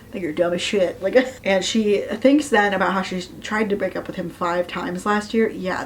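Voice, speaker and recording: A young woman giving a casual ranting book review, sarcastic and profane, exasperated, quickly mimicking characters in asides. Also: medium pitch, slight background noise.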